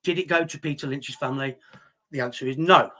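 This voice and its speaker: Talking fast in a medium-pitched, sharp-toned voice, a man on a live stream reads viewer chat aloud. His replies are heated and indignant, and he swears a lot.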